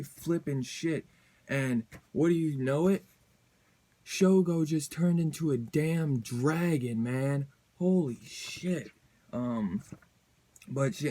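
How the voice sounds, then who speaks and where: Man, comic reviewer, casual rant, rambling, fillers, slang, middle pitch. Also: slow, darkish tone.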